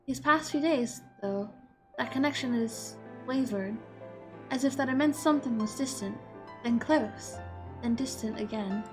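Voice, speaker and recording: A woman voicing an anxious young oracle girl, reading in a soft, hushed, earnest way. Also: fairly high pitch, a little slow, music in the background, pitched below the performer's own voice, lightly acted. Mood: worried.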